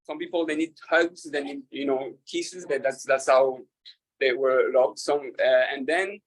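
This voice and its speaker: A man, a rabbi, talking casually to an audience, halting with fillers and restarts and laughing at his own jokes. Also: medium pitch, steady tone, rough recording.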